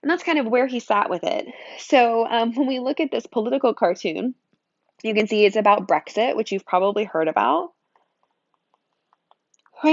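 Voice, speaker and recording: A woman's voice: fairly high pitch, no echo, muffled recording. Chatty woman giving a casual lecture. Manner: chatty, conversational, many fillers and asides. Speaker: teacher.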